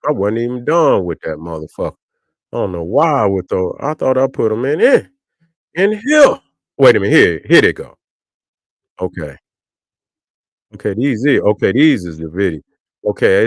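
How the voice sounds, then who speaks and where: A man's voice: fairly low pitch, no room sound, clean studio sound. A man, ranting profanely and repetitively to viewers on a livestream. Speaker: online commentator.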